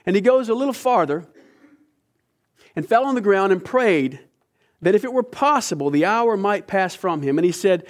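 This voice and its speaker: A middle-aged male preacher delivers a sermon to his congregation in a somewhat high voice. His delivery is dramatic and impassioned, dropping to near hushes and then rising sharply in force. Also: expressive, normal speed. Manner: impassioned, dramatic delivery with sudden swings in loudness.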